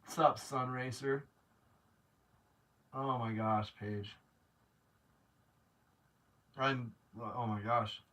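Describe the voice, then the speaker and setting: A man's voice: medium pitch, steady tone, extremely slow, pauses often, pushed and bright, far from the mic. A man hosting a casual live stream, chatting to viewers, rambling with many restarts and growing openly grateful. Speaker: livestream host.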